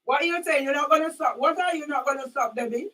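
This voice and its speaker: A woman with a very high voice argues with a neighbour on her doorstep. She keeps asking questions and says the same words over and over. Her voice sounds distant, as if she is standing back from the recorder. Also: fast talker, a bit bright. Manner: questioning, repeats herself, asks for things to be repeated. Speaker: channel owner.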